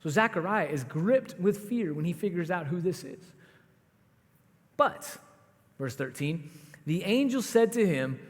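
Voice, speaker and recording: High-voiced pastor preaching in a reverberant hall. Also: male voice, a little slow, pauses often. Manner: conversational, animated storytelling with asides to the audience. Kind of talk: sermon.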